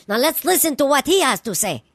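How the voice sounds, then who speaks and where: A woman's voice: sits high, sing-song, brisk, fairly bright tone, dry recording, clean studio sound. A woman playing a swaggering, profane stoner male news anchor on a spoof radio show, full of slang. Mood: brash. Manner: slangy, profane, "you know what I'm saying". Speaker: comedy radio host. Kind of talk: comedy radio sketch.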